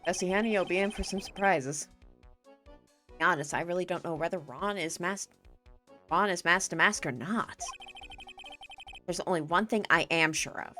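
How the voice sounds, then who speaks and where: A woman's voice: on the low side, normal speed, pauses often, sharp tone, faint music behind. A young woman streaming a game, chatting casually and gushing as a fan. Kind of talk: casual gameplay chat.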